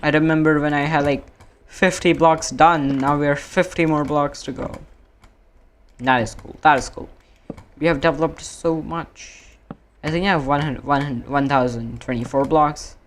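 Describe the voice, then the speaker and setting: An Indian streamer chats casually while gaming, his medium-pitched voice holding a steady tone over slight background noise. He rambles, often corrects himself mid-sentence, and draws out his fillers.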